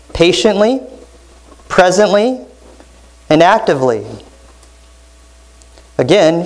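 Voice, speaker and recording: A male pastor delivering a sermon at a measured, slow pace. He speaks earnestly and leans hard on key phrases, drawing them out for emphasis. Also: on the high side, darkish tone, low-quality recording. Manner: earnest, emphatic preaching with deliberate slow stresses.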